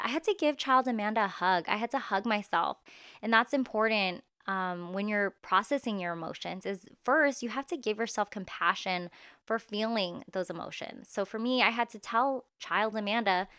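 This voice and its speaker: A woman's voice: mid-range voice, normal speed, pushed and bright, smooth, dry recording, clean studio sound. A woman, hosting her own podcast in a candid, chatty way, full of "like" fillers. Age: 30s. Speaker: podcast host. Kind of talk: casual solo podcast talk.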